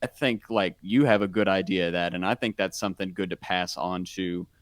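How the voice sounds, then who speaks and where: A man's voice: deep voice, fairly even intonation, a little fast, dry recording. A man co-hosting a casual podcast, talking in loose rambling sentences full of "like" and "um". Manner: rambling, heavy use of "like" and "um". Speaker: podcast co-host.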